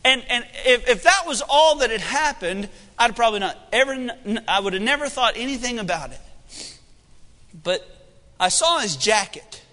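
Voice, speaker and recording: Young preacher telling a story, folksy and lively, high bright voice, big echoey church hall. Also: male voice, moderate pace. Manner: folksy and animated, with shifting energy. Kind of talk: sermon storytelling.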